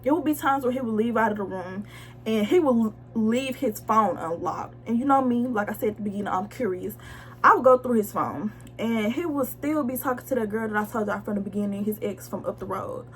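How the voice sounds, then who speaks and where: A young woman blunt, slangy and animated as she tells viewers a personal story in a casual storytime vlog. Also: a little high, a little fast, a little hiss or hum. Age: young adult. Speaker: vlogger telling a story.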